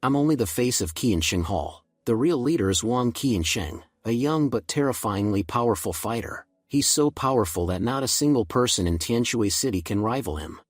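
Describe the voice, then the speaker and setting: Man voicing a cowardly gang thug, shaky and pleading, husky, dry, recap story. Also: medium pitch, expressive, moderate pace, hardly any pauses, no room sound, close to an everyday voice. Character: cowardly male gang front man, groveling.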